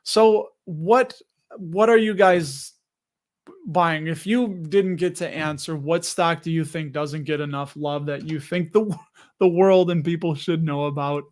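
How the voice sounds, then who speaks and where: A man's voice: on the high side, steady tone, normal speed, a little mellow. An American man hosting a live investing stream, chatting loosely and reading viewer comments aloud. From United States. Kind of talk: casual live-stream chat.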